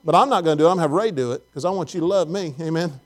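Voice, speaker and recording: A man's voice: fairly high pitch, racing. A man preaching a conversational sermon to his congregation in church, folksy and full of questions to the people in the pews. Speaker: pastor.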